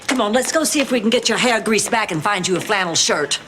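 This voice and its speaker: A woman's voice: medium pitch, expressive, fast, noisy background. A woman acting in a sitcom with a breezy, teasing delivery. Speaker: actor in a sitcom clip. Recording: old TV audio with laughter and music.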